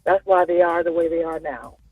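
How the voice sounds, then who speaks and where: A woman's voice: on the low side, a little fast, no room sound, phone-quality sound, faint music behind. A woman from Florida calling into a radio show, speaking emphatically and with indignation. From Duval County, Florida. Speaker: caller. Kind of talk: radio call-in.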